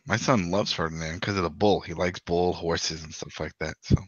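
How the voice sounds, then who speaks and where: A man co-hosting a casual podcast with excitable, joking banter. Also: deep voice, moderate pace, dry recording. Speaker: podcast co-host. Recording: dull lo-fi mic.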